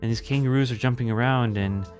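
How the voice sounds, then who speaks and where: A man giving casual gameplay commentary, thinking aloud in a relaxed way with small hesitations. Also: medium pitch, quick pace, faint music behind.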